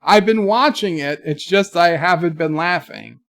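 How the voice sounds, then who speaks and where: A man's voice: a little high, unhurried, fairly bright tone, dry recording, studio quality. A man hosting a casual livestream, rambling and joking while reading chat messages aloud. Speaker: livestream host.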